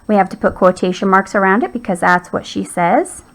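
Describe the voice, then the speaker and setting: A woman's voice: mid-range voice, fairly quick, low-quality recording. A woman teacher patiently walking young children through a writing lesson.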